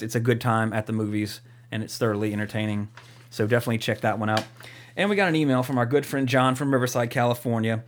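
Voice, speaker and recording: A young man co-hosting a podcast, chatting casually and rambling, with lots of fillers, restarts and swearing. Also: mid-range voice. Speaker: podcast co-host.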